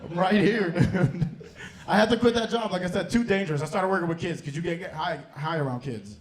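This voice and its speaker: A man's voice: sits high, fairly quick. A young man hosting a comedy club night and doing a loose, profane stand-up set, often laughing at his own lines.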